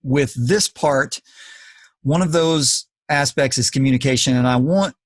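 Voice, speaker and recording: Podcast host guy, earnest and preachy, mid pitch, dry sound. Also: unhurried, no room sound. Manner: earnest, lecturing, emphatic. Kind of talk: casual podcast talk.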